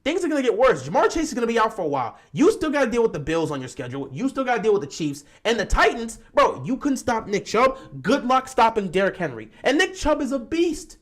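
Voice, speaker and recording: A man's voice: sits high, very animated, fast talker, few pauses. A man hosting a live-stream football talk show, greeting viewers and arguing his points animatedly.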